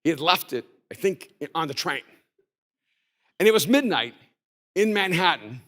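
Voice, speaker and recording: A male pastor preaching at a conference, his voice high and bright with a forceful edge. He tells stories, sometimes quiet and sometimes shouting. The sound rings with the long reverb of a big hall. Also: big pitch swings, moderate pace. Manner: storytelling, shifts between soft and shouted. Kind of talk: conference sermon.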